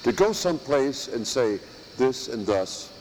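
Slow, emphatic preaching priest. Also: male voice, mid-range voice, sing-song, a little mellow, big-room sound, a little hiss or hum, low-quality recording. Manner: slow, emphatic preaching with long pauses and rhetorical questions. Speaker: priest teaching at a monastery. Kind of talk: sermon. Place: church or monastery chapel.

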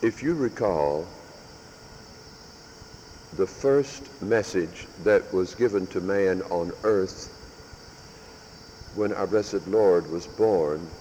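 A man preaching as a parish priest, measured and emphatic, stressing and repeating key words. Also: low-pitched, dark tone. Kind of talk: sermon with announcements. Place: large church with long reverb. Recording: echoey church hall with faint background noise.

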